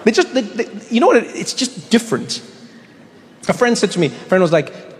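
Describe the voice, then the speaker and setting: A man performing stand-up comedy before an audience, telling stories in a conversational way with quick voice switches. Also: sits high, big pitch swings. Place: large hall before live audience. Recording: live hall with audience noise.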